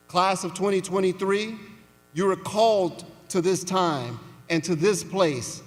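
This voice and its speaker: A man giving a commencement speech, telling a story slowly and deliberately with pauses for weight, in a large indoor arena. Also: high-pitched. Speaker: commencement speaker. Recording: reverberant arena sound.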